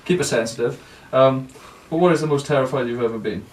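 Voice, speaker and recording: A man's voice: mid-range voice, fast talker. A young man in his twenties, asking questions and joking on a casual podcast chat. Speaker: podcast co-host. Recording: echoey room, mic far off.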